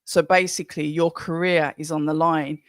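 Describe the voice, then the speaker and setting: A stream host with a Birmingham accent talks in a loose, rambling way and reads out names from the live chat. The voice sits at an ordinary middle pitch. The sound is dry and close, with no room echo. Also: level tone, normal speed. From Birmingham, England. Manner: chatty, rambling, greets viewers by name. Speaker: livestream watch-along host. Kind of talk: casual live commentary and chat reading.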